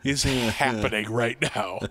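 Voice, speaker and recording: Animated, swearing man telling a story. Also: medium pitch, measured pace, no room sound, studio quality. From American Midwest. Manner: animated storyteller, swears freely, acts out quoted voices. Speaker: podcast co-host. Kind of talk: casual storytelling chat.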